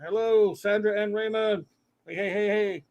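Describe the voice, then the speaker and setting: A man's voice: high-pitched, fairly even intonation, moderate pace, a little mellow. A man hosting a casual livestream, joking at his own expense and rambling with fillers as he greets viewers. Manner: jokey, self-deprecating, rambling with fillers. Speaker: livestream host.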